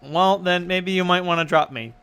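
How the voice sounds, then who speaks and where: A man's voice: high voice, moderate pace, sharp tone, clean tone. A man voicing a blunt, bloodthirsty female gun who rambles and talks gleefully about violence.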